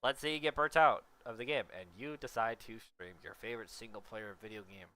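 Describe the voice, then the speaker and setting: Lowish-voiced man with a bright edge, rambling casual monologue peppered with rhetorical asides. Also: fairly even intonation, brisk, clean tone.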